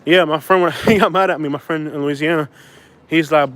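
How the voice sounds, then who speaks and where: A man's voice: on the high side, fairly even intonation, fairly quick, a bit bright, a little hiss or hum. Rambling man vlogging from a car. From Florida. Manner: rambling, digressive, talks to chat and passenger. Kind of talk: casual chat while driving.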